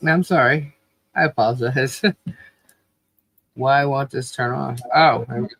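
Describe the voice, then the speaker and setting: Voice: mid-range voice, steady tone, measured pace, vocal fry, a bit bright, dry recording. A podcast co-host chatting loosely with a friend, laughing often and singing snatches of songs now and then. The recording is dry and close, with no room sound around the voice. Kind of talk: casual chat.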